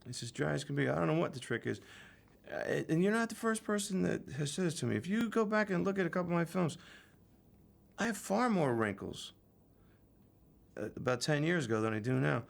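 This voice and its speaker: Middle-aged guest actor, deeply gravelly, drawn-out pauses, casual radio chat. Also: male voice, animated. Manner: slow, halting, drawn-out answers full of uhs.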